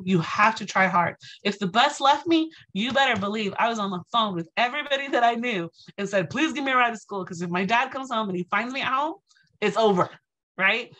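A woman giving an inspirational lecture, telling lively stories and acting out the voices of people she quotes, with lots of "you know" and "right". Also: mid-range voice, poor audio. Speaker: speaker.

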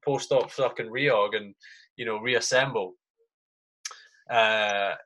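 Here the sergeant's voice is on the low side and fairly bright, steady in tone and slow. The man, in his thirties and a guest on a podcast, tells war stories in a relaxed way, cursing a lot, using "mate" constantly, and reenacting how he responded at the time.

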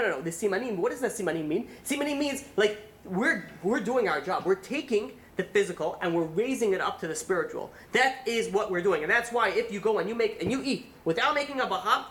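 A rabbi giving a holiday sermon in an animated storytelling way, with frequent restarts. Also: male voice, high-pitched, slight background noise.

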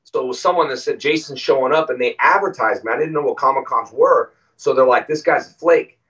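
A man's voice: medium pitch, a little fast. Man telling stories from a distance. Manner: animated, acts out quoted dialogue. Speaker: guest. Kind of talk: casual interview storytelling. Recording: distant, muffled audio.

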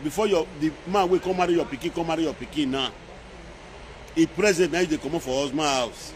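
Speaking Nigerian Pidgin English, a man scolds and mocks in a repetitive live-video rant on social media. His voice is a little high and quick, and the recording carries a little hiss or hum.

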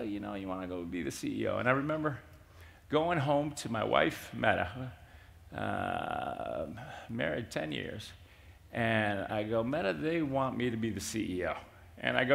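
Gravelly-voiced older CEO telling stories. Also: male voice, medium pitch, moderate pace. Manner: animated storyteller, acts out quoted dialogue. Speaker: CEO being interviewed. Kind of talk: conference fireside chat. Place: conference stage.

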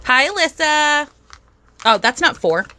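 An excitable, bubbly woman hosting a casual live stream from home, chatting to viewers and thanking them by name. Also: sits high, unhurried, slight background noise. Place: at home with a dog.

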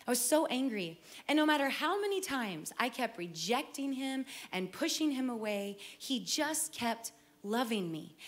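Earnest woman telling her life story. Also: on the high side. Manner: earnest storytelling, emotional, with repeated phrases. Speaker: worship singer sharing testimony. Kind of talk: personal testimony.

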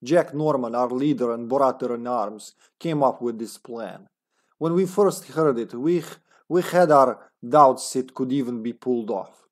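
A man's voice: medium pitch, measured pace, close to an everyday voice. A man doing a mock-Russian terrorist. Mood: solemn. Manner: solemn, reading aloud with a put-on comrade accent. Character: grim male terrorist agent writing a diary. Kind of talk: reading game text aloud.

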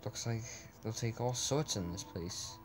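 A man's voice: lowish voice, a little slow, over music, natural voice. A man reading the lines of a wisecracking amnesiac prisoner in a flippant, joking manner.

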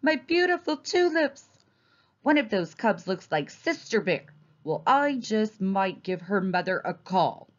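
A woman voicing Miss McGriz, an upset old lady gardener bear, with a shrill, dismayed cry. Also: big pitch swings, unhurried, lo-fi sound.

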